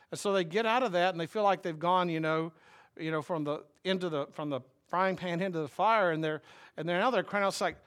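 A man's voice: high-pitched, a little fast, fairly bright tone. A man preaching a sermon as a pastor, talking in a wry, conversational way and putting questions to his listeners.

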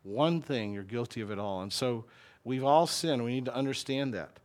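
A man's voice: medium pitch, normal speed. A middle-aged man with a Southern US accent, a pastor preaching a conversational, folksy sermon and asking the congregation questions.

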